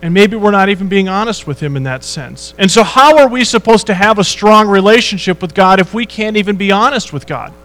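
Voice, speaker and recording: A man's voice: high-pitched, expressive, brisk, few pauses, a bit bright, poor audio. A man preaching a sermon in a church, reading scripture and asking the congregation rhetorical questions in a conversational way. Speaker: pastor.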